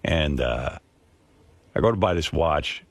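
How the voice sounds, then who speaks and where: A man's voice: very deep voice, lively intonation, takes it slowly, no echo. A man hosting a radio show, rambling and exasperated as he tells a story. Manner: rambling, exasperated, self-deprecating. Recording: dry studio sound.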